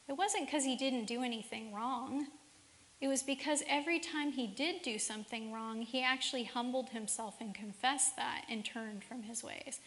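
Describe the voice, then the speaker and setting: Casting: woman seminar speaker, high voice, rhetorical questions to the audience, reverberant church hall. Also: moderate pace, fairly bright tone, slight background noise. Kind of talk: faith-based parenting seminar talk.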